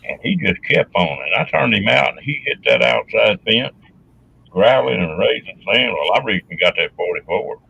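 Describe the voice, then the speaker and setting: Gravelly low man. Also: animated, normal speed, bright, forceful tone. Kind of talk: casual storytelling. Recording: dull lo-fi sound.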